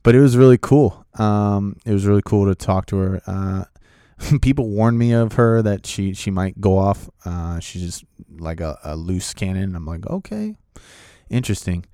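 Guy telling a story about being on set, kinda low voice, excitable and rambling, lots of ums, dry sound. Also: normal speed, smooth, no room sound. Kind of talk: casual anecdote.

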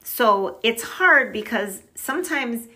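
A woman's voice: on the high side, expressive, takes it slowly, pushed and bright. A middle-aged woman chatting casually as a podcast guest, upbeat and talkative, often saying "like" and laughing easily. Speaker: podcast guest on money mindset. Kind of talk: casual chat.

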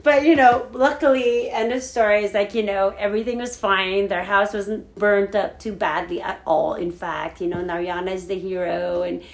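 Her voice is mid-range and steady, moving at normal speed with few pauses, as this co-host of a casual podcast shares a story. She lives in Hawaii, swears a lot, and dramatizes how panicked she felt.

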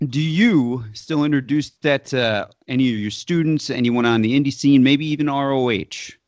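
A man's voice: medium pitch, moderate pace, a little mellow, dry recording. A man hosting a podcast, chatting casually and asking his guest questions. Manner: conversational, asks questions. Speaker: podcast host. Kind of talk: casual chat. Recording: dry, dull lo-fi sound.

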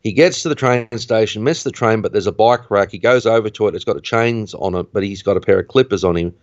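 A man hosting a podcast, casually recapping a film plot in an animated way, his voice rising at the tense moments. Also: on the low side, fast talker, no echo. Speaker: podcast host. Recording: dull, dry lo-fi recording.

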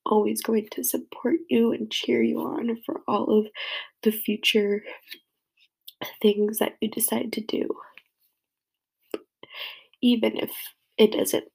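A woman's voice: a little high, level tone, takes it slowly, vocal fry, pauses often, slightly rough. A young woman crying as she gives a rambling, heartfelt tribute to a friend. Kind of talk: emotional personal tribute.

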